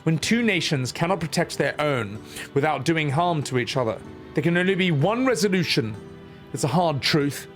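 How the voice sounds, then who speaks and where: A man's voice: fairly high pitch, expressive, moderate pace, faint music behind, pitched above the performer's own voice, natural voice. A man putting on a grandiose queen with a bogan Australian accent. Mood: cold. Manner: mock-solemn, swears mid-speech. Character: gentle young queen turned cold ruler.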